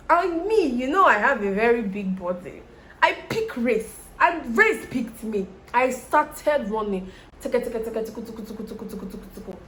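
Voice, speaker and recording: A young Nigerian woman with a Nigerian accent, chatting to viewers and telling a story while doing her make-up. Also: fairly high pitch. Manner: chatty, animated, addresses viewers directly. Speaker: vlogger.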